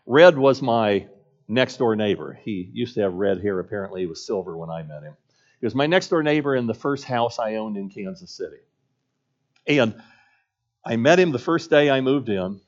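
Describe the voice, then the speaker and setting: A man's voice: lowish voice, animated, moderate pace, lo-fi sound. A man preaching a sermon as a pastor, telling a story in an earnest voice and building points through repetition.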